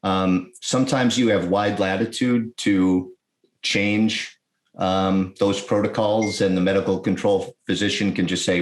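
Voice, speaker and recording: Low-voiced man in a roomy echo. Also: fairly even intonation. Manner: explanatory, fast bursts with restarts. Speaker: guest, EMS fire chief. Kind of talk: conversational podcast interview.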